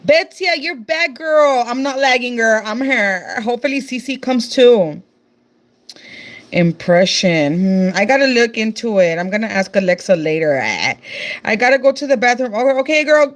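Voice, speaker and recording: Texan woman, young, unhurried live-stream chatter, reads comments aloud. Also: a little high, expressive, fairly bright tone. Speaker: livestreamer. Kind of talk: casual live-stream chat.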